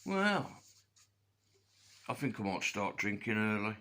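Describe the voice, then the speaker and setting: A man chatting casually at home in a teasing, silly way. His voice is bright and clear, and he talks slowly. He keeps throwing out daft jokes. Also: lowish voice, big pitch swings. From Tamworth, England.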